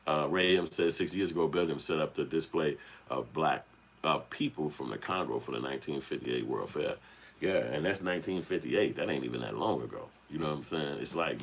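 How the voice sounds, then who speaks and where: A man hosting a casual livestream, talking with animated, profane energy and acting out the voices he quotes. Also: rumbling low, a little hiss or hum. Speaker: channel host.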